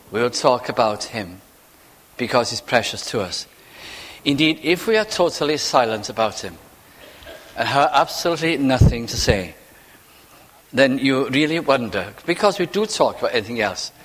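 A man preaching a sermon in a church, talking in a conversational way with rhetorical questions and slowing down to quote scripture. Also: medium pitch, lively intonation, a bit bright. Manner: slows for scripture quotations. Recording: reverberant hall.

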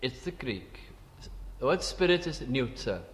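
A man preaching a sermon, slow and emphatic, repeating key phrases and dropping to quiet asides. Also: mid-range voice, expressive, big-room sound.

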